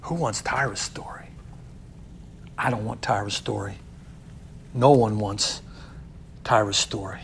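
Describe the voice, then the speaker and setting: Earnest youth leader preaching, hushed to loud. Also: male voice, lowish voice, a little slow, vocal fry, pauses often, a little hiss or hum. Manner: repeats words while building up. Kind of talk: inspirational sermon storytelling.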